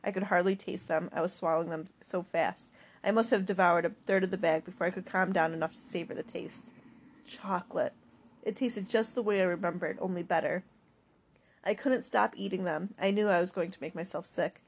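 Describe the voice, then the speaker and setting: A woman's voice: on the low side, steady tone, fairly quick, a little hiss or hum. A woman narrating a first-person audiobook in an emotional, confessional diary-like reading.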